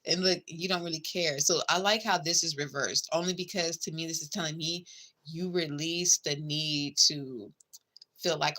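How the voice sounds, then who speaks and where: Low voiced woman doing a tarot reading, chatty, swears a lot, calls you babe. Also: moderate pace, pushed and bright. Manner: chatty, blunt, swears casually, calls the listener babe and girl. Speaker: tarot reader. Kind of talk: casual tarot reading to a viewer.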